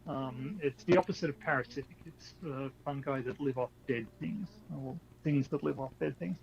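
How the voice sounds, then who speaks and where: A man co-hosting a casual podcast chat, talking in a halting way with many fillers and restarts. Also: mid-range voice, gravelly. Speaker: podcast co-host. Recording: dull lo-fi audio with faint noise.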